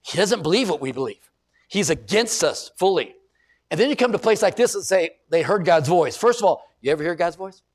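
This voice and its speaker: A middle-aged male pastor preaching a sermon in a church, animated, often repeating words and putting questions to the congregation. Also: high-pitched, a little fast.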